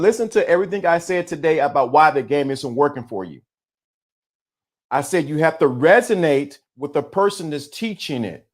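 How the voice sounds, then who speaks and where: A man hosts a casual livestream and talks straight to his chat. He teases and laughs often. His voice sits a little high for a man. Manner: animated, teasing, laughs often. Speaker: livestream host. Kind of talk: casual live-stream chat.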